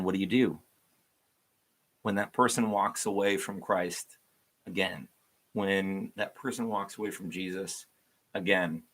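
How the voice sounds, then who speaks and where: A man's voice: deep voice, a bit bright. A man giving an informal, earnest devotional talk to viewers, rambling with frequent restarts.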